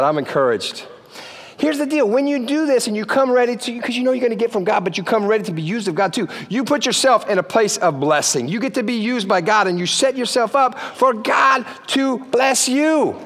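A man's voice: high voice, expressive, normal speed, a bit bright, in a large hall. A man preaching a sermon in a church, playful and joking, often checking in with the crowd. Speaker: pastor. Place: church sanctuary.

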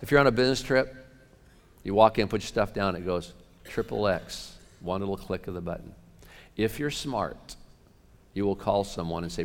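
A man preaching a sermon as pastor, animated, shifting between loud outbursts and hushed asides. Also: fairly low pitch, moderate pace, long pauses. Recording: long reverb of a large hall.

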